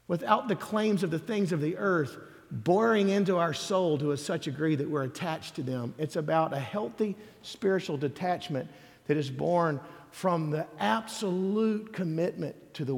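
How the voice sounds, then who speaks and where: High, gravelly-voiced male preacher. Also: long reverb tail. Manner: emphatic, building through repeated refrains. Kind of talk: sermon.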